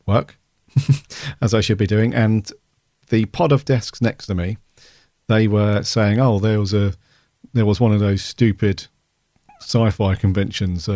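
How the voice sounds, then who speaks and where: This podcast co-host has a mellow, lowish voice, recorded studio-clean without any room sound. He keeps things casual, telling stories with plenty of animation.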